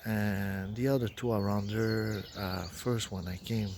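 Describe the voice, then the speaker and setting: Halting low-voiced man recounting a dream. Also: fairly even intonation, background noise. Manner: halting, many restarts and fillers. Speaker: dream narrator. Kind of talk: rambling personal account.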